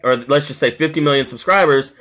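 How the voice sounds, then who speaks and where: A man's voice: mid-range voice, a little fast, fairly bright tone. A man from South Carolina, chatting casually on a live stream at home, rambling with lots of filler words and reading out chat comments. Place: home, with family noise around.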